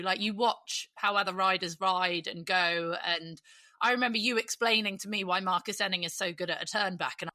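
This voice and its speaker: A woman's voice: medium pitch, bright, forceful tone, no echo. A woman hosting a podcast, chatting casually and swearing now and then. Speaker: podcast host.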